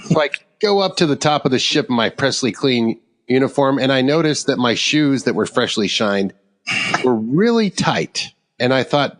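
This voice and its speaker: Animated man spinning a rambling yarn. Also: mid-range voice, normal speed. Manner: rambling, animated, laughs through his story. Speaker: podcast co-host. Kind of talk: casual storytelling. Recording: long hall reverb.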